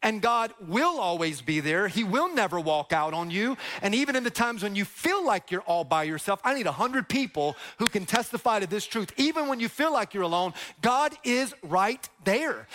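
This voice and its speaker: A man's voice: high voice, very animated, moderate pace, few pauses, a bit bright, a little hiss or hum. A male pastor preaching a sermon, impassioned and repetitive, leading the congregation in call-and-response.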